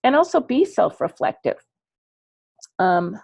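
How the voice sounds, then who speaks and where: A woman coaching parents in an online class, chatty and animated, acting out little dialogues as she explains. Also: on the low side, a little slow, creaky, dry recording. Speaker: ADHD coach teaching parents.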